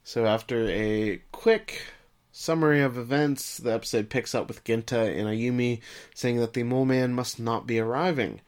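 A man with a middle-pitched voice co-hosts a casual podcast. He walks through the episode's plot step by step, then turns to his co-host with questions. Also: moderate pace. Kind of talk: casual recap chat.

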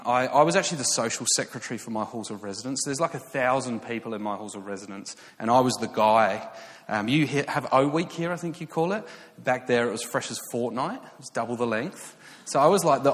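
A man's voice: medium pitch, in a large hall. A man in his thirties with an English accent, preaching a sermon as a story, chatty and self-mocking with many fillers and restarts. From England.

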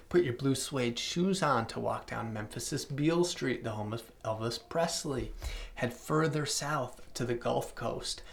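A young man hosting a podcast, chatting casually about travel spots with lots of fillers, quick asides and self-aware plugs. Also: mid-range voice, creaky. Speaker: podcast host.

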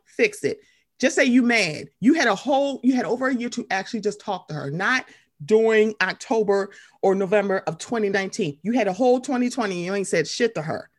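A woman co-hosting a casual chat about reality TV, animated and quick to mimic other people. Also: medium pitch. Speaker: podcast co-host.

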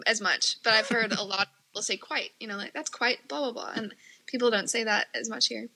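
A woman's voice: fairly high pitch, steady tone, a little fast, sharp tone, poor audio. A woman from the United States, chatting casually with many fillers and frequent laughter. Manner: giggly, chatty, lots of fillers. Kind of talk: casual chat.

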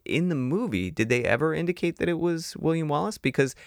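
Gravelly man with wry quips. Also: on the high side, animated, a little fast, no room sound, clean studio sound. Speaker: podcast co-host. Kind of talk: casual chat.

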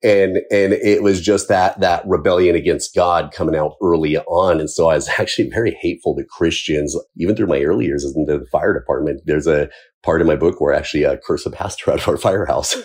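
Deep husky man telling his life story. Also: darkish tone. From Southern California. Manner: casual and candid, chuckles between points. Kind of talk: personal storytelling.

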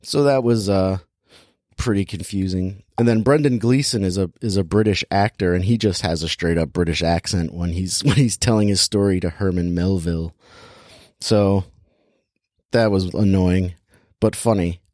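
A man's voice: low-pitched, normal speed, darkish tone, dry recording, studio quality. A man casually reviewing a film in a chat, rambling and filling his talk with "like" as he restarts his sentences. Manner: rambling, heavy use of "like", self-interrupting. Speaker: podcast movie reviewer.

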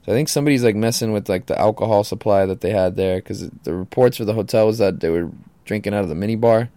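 A man's voice: fairly low pitch, fast, mellow, no echo. Laid-back, slangy male podcaster. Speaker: podcast host. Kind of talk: casual solo podcast monologue.

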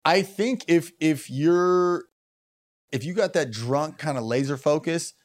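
A man's voice: a little high, measured pace. A young man co-hosting a podcast, telling crude stories with a wry, jokey manner. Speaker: podcast co-host and comedian. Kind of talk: casual chat, storytelling.

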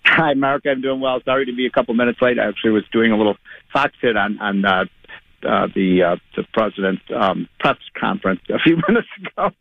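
A man's voice: fairly low pitch, a little fast, creaky, no echo. A man calling in as an economist guest, chatty and light in tone. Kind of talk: phone interview. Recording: phone line.

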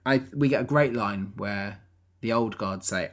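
A woman's voice: very deep voice, measured pace. A woman co-hosting a podcast, chatting casually about a film with sarcastic asides. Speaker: podcast co-host.

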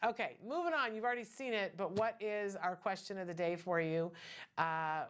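A middle-aged woman hosts a casual talk show as a podcast host, chatty and emphatic, full of asides and rhetorical questions. Her mid-range voice keeps a moderate pace.

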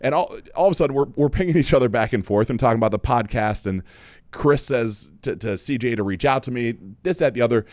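Male podcast host, rapid casual storyteller, dry recording. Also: medium pitch, a little mellow, dry recording. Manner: fast, candid storytelling with frequent fillers. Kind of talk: casual chat.

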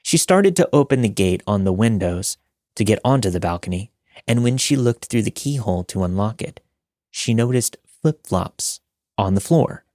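Man, lowish voice, dry close sound; steady measured narrator for scary story readings. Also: no room sound. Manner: steady, measured reading of first-person accounts. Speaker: narrator of listener-submitted scary stories. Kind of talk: scripted horror story narration.

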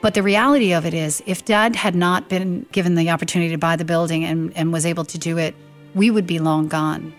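A woman's voice: lowish voice, fairly even intonation, fairly quick. A middle-aged woman recounting her father's life as an interview guest, animatedly acting out the quoted dialogue, with faint music behind. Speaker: guest telling her late father's story. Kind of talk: storytelling interview.

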